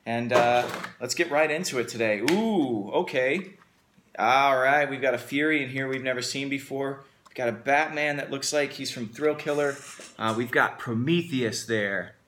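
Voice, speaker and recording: A man's voice: medium pitch, pushed and bright. A man hosting a casual unboxing video, talking with upbeat enthusiasm. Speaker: host.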